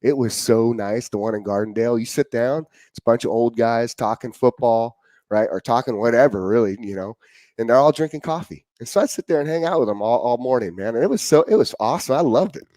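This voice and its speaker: A man's voice: medium pitch, expressive, brisk, dark tone, dry recording. A young man hosting a casual chat, telling upbeat stories in a laid-back way, on a dry close mic.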